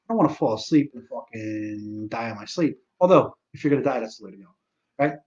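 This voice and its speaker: This live-stream host is a man in his forties telling stories casually in a fast, expressive, mid-range voice with a darkish tone. He rambles and swears, restarting his sentences and tossing in self-deprecating asides. The recording's highs are cut off.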